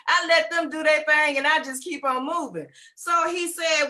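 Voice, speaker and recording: A middle-aged woman giving a loud, laughing testimonial on a video call, with preacher-like exclamations. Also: high-pitched, a little slow. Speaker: webinar testimonial guest. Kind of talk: exuberant testimonial.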